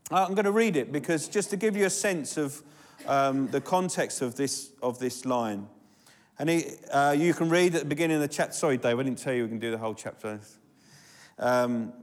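A man preaching an informal sermon, telling a Bible story with joking asides and fillers, then reading a psalm aloud. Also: fairly high pitch. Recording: long hall reverb.

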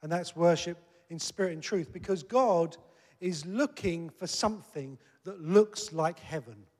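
Man preacher, sermon, higher-pitched, conversational and earnest, long hall reverb. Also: a little slow, darkish tone. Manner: earnest, conversational preaching that rises to emphatic peaks.

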